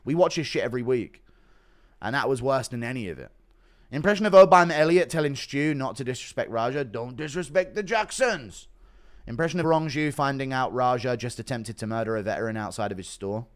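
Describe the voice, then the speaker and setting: A man's voice: mid-range voice, fast talker. A man live-streaming casual chat. He swears freely and reads viewer donations aloud. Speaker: livestreamer reading chat.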